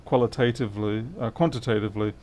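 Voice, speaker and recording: During a livestream, a middle-aged man chats casually as he works on a repair, rambling, thinking aloud, and answering chat. He talks fast with a fairly low pitch, a steady delivery, and a darkish tone.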